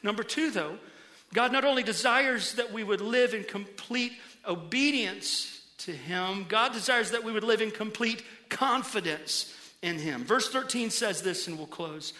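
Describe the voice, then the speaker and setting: A middle-aged man preaches in a church with a very high, bright, forceful voice. He is animated, dropping to quiet, slow emphasis and then rising into loud, excited bursts. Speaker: pastor. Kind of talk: sermon. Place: church auditorium.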